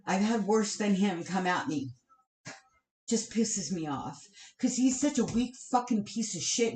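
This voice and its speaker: A woman's voice: mid-range voice, a little mellow. A woman venting on a live stream, heated and swearing often, with sighs between bursts of anger. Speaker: vlogger. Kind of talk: angry live-stream rant. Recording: roomy echo.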